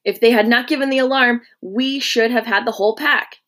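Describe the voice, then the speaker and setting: A gruff Roman centurion barking orders, raised and hard-edged, full of scorn for his captive, as a woman reading a story puts him on. His voice climbs sharply when he shouts. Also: medium pitch, lively intonation, normal speed. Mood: commanding.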